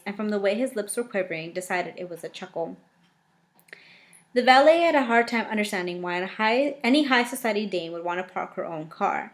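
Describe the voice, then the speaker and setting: Woman reading a novel aloud with quips. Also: mid-range voice. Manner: lively, breaks off to react and joke. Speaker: reader reacting to a novel.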